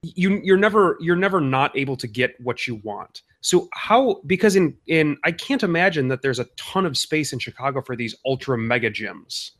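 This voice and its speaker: A man's voice: on the high side, lively intonation, moderate pace, few pauses, fairly bright tone. A man from Minnesota co-hosting a podcast, chatting casually and teasing his co-host. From Minnesota, USA. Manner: teasing, joking banter. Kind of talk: casual chat. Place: suburbs of Minnesota.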